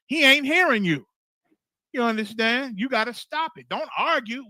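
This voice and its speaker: A man's voice: very high voice, sing-song, measured pace, pushed and bright, no echo. A man leading a scripture study on a livestream, preaching in a fiery, blunt and profane way with emphatic repetition.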